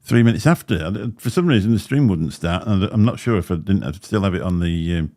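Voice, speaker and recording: This livestream host has a low, mellow voice with lively intonation and a fairly quick pace. He chats casually and meanderingly, laughs a lot, has a slight lisp, and uses a desk microphone.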